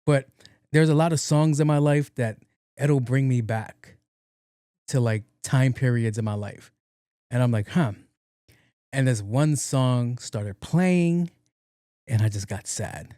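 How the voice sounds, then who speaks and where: Man, solo podcast host, casual rambling chat, slangy and profane, warm low tone, dry close sound. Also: a little slow, clean tone, no echo. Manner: rambling, slangy and profane, breaks into sung snippets. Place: home room with windows open.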